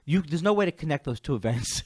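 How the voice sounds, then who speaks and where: A man guesting on a podcast, telling stories in a rambling, jokey way with quick asides. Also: a little high, lively intonation, husky, no room sound, clean studio sound. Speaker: comedian guest. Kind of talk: casual comedic chat.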